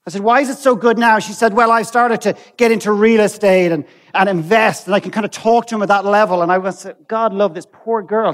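An Irish man on stage telling a personal story and acting out the dialogue with the people in it. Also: high voice. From Ireland. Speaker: speaker on stage. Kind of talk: storytelling talk.

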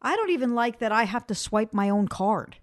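A woman's voice: on the high side, animated, brisk. A woman co-hosting a casual podcast chat, teasing and giggling often, with some swearing. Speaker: podcast co-host.

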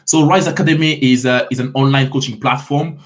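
A man's voice: mid-range voice, steady tone, brisk. A man in his thirties from Ivory Coast with a French accent, a fitness coach answering interview questions in a friendly way with frequent restarts. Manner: friendly, repeats words while starting sentences.

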